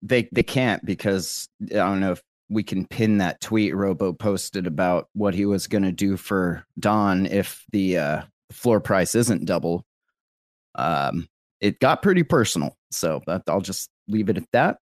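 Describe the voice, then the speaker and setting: A man's voice: sits low, lively intonation, measured pace, dry recording, studio quality. A man in a casual online chat, cracking crude jokes. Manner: wisecracking, crude.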